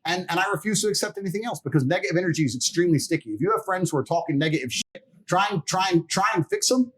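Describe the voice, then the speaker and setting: Husky, high and very fast, a man's voice carries casual stories during a podcast interview. He comes across as blunt, profane and boastful, animated throughout and laughing mid-story.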